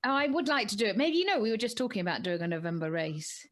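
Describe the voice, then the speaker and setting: A woman co-hosting a running podcast in casual chat, lively and quick to put on silly voices. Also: mid-range voice. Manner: chatty, animated, puts on silly voices when quoting. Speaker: podcast co-host.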